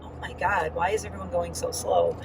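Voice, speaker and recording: A woman's voice: fairly low pitch, sing-song, a little fast, far from the mic, background noise. A woman giving a casual, rambling vlog update with lots of fillers, talking while riding in a car. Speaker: vlogger.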